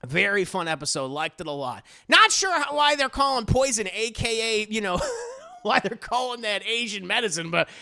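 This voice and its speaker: A man giving a casual scene-by-scene recap to his live chat, in an animated, profane, laughing style. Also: high voice, normal speed, creaky. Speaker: TV reviewer streamer.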